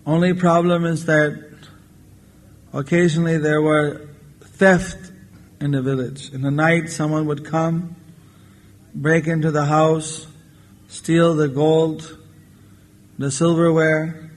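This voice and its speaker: A man giving a storytelling sermon as a spiritual lecturer, unhurried and acting out the characters in his tale. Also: on the high side, little pitch movement. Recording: 1994 lecture tape with long hall reverb.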